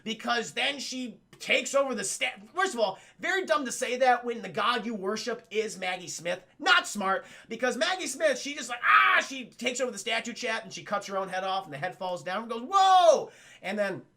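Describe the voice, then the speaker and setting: A man's voice: high-pitched, animated, moderate pace, creaky, pushed and bright. A man streaming live, casually recapping a film scene by scene, swearing freely and rambling to his chat. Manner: profane, rambling, talks to chat.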